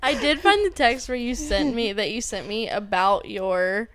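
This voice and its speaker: A young woman co-hosting a podcast in casual chat, excitable and gushing as she retells her own reactions. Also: moderate pace, no echo, studio quality. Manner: excitable and gushing, high-pitched bursts when quoting herself. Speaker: podcast co-host.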